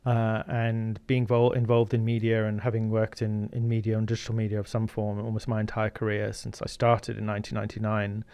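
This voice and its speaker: A man's voice: fairly low pitch, monotone, brisk, hardly any pauses, darkish tone, clean tone, no room sound. A middle-aged man from Zimbabwe, a guest in an interview who tells stories earnestly with many fillers. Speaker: guest, media founder. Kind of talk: casual interview storytelling.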